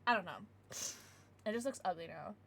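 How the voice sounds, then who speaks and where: A young woman streaming live, chatting casually as she opens trading cards, excitable and giggly with bursts of squealing. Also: lowish voice, brisk, creaky. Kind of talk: casual livestream chat while opening cards.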